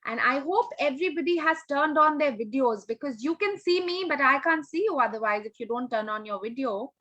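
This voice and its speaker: A woman telling a story to young children on a video call, animated and coaxing, asking them questions as she goes. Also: high voice, fairly quick, dull audio. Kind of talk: online storytelling workshop.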